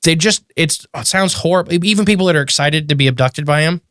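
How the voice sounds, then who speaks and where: A man in a casual podcast chat, telling a story with animated bursts of disbelief. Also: fairly high pitch, fast talker, no room sound, studio quality.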